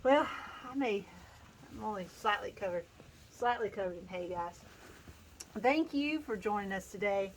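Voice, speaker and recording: A woman's voice: medium pitch, expressive, moderate pace, slight background noise, low-quality recording. Brief: woman reading a storybook aloud on a farm, playful asides, laughs a lot, faint animals around. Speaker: farm host reading a picture book aloud. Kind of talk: casual read-aloud with chatty asides. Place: outdoors on a farm.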